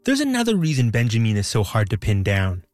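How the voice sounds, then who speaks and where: A male documentary host narrates from a script, his voice rising and falling in lively curves. His tone carries curiosity, with soft music running beneath. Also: fairly low pitch, brisk, no room sound.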